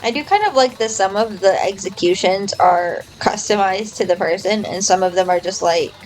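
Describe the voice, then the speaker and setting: A woman's voice: medium pitch, normal speed, a little hiss or hum, low-quality recording. A young woman streamer casually commenting on a game, rambling, swearing freely and trailing off into fillers.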